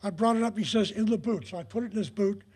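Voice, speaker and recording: Older male raconteur with a husky, high voice; rambling stories with acted-out quotes. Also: darkish tone. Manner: rambling, many filler pauses, acts out quoted dialogue. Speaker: retired prop master giving a talk. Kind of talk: anecdotal storytelling talk. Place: talk in front of an audience.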